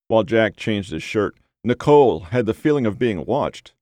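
A man reading a story aloud as narrator, with measured, deliberate phrasing. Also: lowish voice, expressive, darkish tone, no echo, studio quality.

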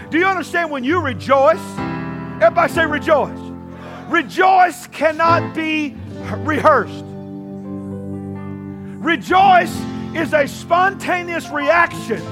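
A male pastor preaching a sermon, often shouting and leading call-and-response with the congregation. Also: extremely high pitch, measured pace, music in the background. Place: church.

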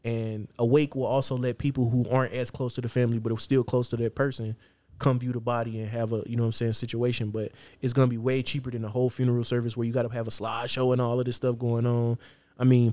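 A man's voice: mid-range voice, level tone, fast talker, mellow, no room sound. Brief: male podcast co-host, blunt opinions, laid-back slang, dry close mic. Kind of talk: casual podcast banter.

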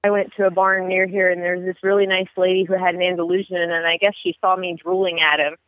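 A woman's voice: fairly low pitch, little pitch movement, quick pace. A woman guest on a podcast roundtable telling a story, giggling and often restarting her sentences. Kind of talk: casual roundtable chat. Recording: tinny phone-line audio.

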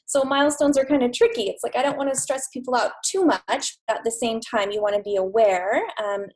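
A woman's voice: fairly high pitch, fairly even intonation, a little fast, poor audio. A woman in her thirties, a speech language pathologist, giving upbeat, reassuring advice in a casual podcast chat.

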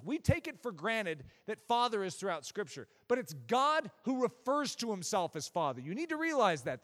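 A man preaching a sermon in an emphatic, animated way, often dropping low to voice God's replies. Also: big-room sound.

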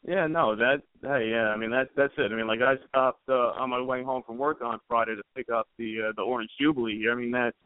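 A man from New Jersey, a podcast guest, chatting casually in a halting way with many restarts. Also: medium pitch, steady tone, clean tone, no room sound. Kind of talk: casual chat. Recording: tinny phone-like sound, dry.

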